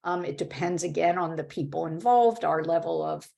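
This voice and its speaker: Female webinar presenter, lowish voice with some fry, conversational teaching over a video call. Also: moderate pace, dark tone. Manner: explanatory, conversational, with frequent "right?" and "uh". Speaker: workshop presenter. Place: home or office video call.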